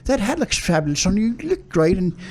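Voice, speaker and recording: A man putting on a fussy fake English accent, playing a pompous gentleman who says "because" constantly. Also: high voice, big pitch swings, fairly quick. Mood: chummy. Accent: put-on English, Cockney-ish. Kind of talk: comic impression on a podcast.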